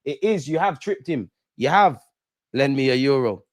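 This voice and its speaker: A young man hosting a live football watch-along, chatting in street slang and shouting when goals go in. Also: medium pitch, lively intonation, moderate pace.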